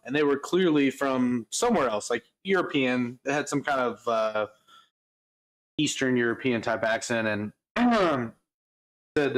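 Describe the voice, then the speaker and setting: A man's voice: mid-range voice, rough recording. A man co-hosting a livestream, swapping casual stories and swearing freely as he talks. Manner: storytelling, swearing, laughs often. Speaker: livestream co-host. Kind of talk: casual chat.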